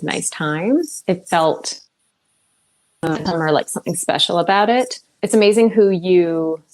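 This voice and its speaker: A woman with a slightly low voice tells stories in a loose, upbeat way, full of fillers and asides. She sounds like a guest chatting freely in an interview. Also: poor audio. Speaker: guest actor and producer. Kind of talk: casual interview chat.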